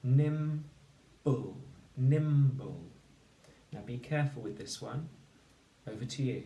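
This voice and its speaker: A man teaching a phonics lesson to children, slowly and clearly sounding out each word. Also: mid-range voice, a little mellow. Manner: slow, clear sounding-out of words. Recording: echoey room, distant mic, faint noise.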